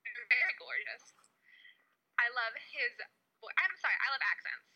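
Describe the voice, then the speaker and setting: A woman's voice: fairly high pitch, animated, moderate pace, vocal fry, muffled recording. A woman on a fan panel, chatting casually and gushing emphatically. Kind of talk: casual chat.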